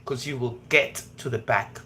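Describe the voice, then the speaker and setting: A woman's voice: moderate pace, slight background noise. A Jamaican woman hosting a live stream, chatting casually and scolding her viewers in patois. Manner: animated, scolds viewers in patois, swooping pitch. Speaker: livestream host.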